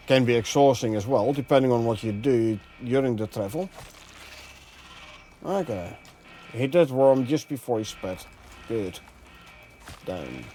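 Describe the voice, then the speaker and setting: A relaxed young man with a Dutch accent, his first language Dutch, chatting casually with his viewers as he streams a game and reads out their questions. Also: mid-range voice, slight background noise. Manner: relaxed, chatty, chuckles often, drifts between languages. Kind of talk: casual gameplay commentary, reading chat.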